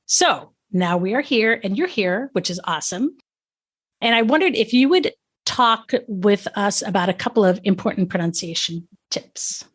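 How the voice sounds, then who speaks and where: A woman's voice: medium pitch, animated, moderate pace, husky. Casting: woman podcast host, friendly, upbeat, conversational. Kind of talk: casual podcast chat.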